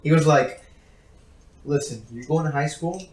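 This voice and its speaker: A young man tells school stories on a podcast, acting out every quote and laughing as he goes. His voice sits a little high. He is picked up from some way off the mic in an echoey room, with people chattering behind him. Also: normal speed, darkish tone, recorded from a distance. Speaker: podcast co-host. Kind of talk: casual storytelling chat.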